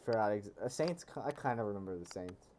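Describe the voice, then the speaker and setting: Mellow-voiced man rambling over a racing game. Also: fairly low pitch, animated, fast talker, slight background noise. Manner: rambling and jokey, often correcting himself. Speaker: gaming streamer. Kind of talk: casual live game commentary. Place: lives near a Pennsylvania capital city.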